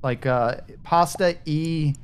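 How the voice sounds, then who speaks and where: Slow and smooth, a slightly high male voice belongs to a gaming streamer idly narrating a party game with friends. He thinks aloud as he plays, rambling and leaving thoughts hanging.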